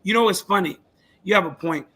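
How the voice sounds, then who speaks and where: Man, storytelling, lively, swears, bright tone, slightly high pitch. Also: a little fast, husky. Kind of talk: casual podcast chat.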